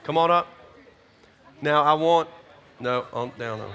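Bright-voiced youth pastor. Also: male voice, on the high side, measured pace. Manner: energetic, exhorting, folksy. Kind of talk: closing talk to a youth group.

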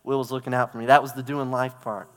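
This preacher talks fast with a medium-pitched, fairly bright voice and a flat delivery. Recorded in a reverberant church hall, he gives a conversational sermon, telling stories and dramatizing parts with props and gestures.

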